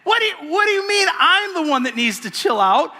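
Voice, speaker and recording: A man voicing a frantic, indignant woman who shouts her complaints while busy hosting guests. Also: mid-range voice, moderate pace, voice pushed up, natural voice. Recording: long reverb of a big hall.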